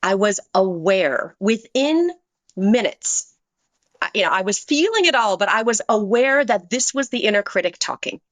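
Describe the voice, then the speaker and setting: Middle-aged woman as a podcast guest: earnest, lively storyteller, close and dry sound. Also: moderate pace, dry recording. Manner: earnest, shifts pitch to voice quoted people. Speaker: guest, business leader and author. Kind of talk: personal storytelling in a podcast interview.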